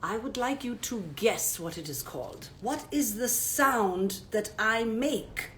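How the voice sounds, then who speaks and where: A woman voicing a gentle, shy owl puppet, speaking slowly and a little lower and quieter. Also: lively intonation, slight background noise. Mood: coy.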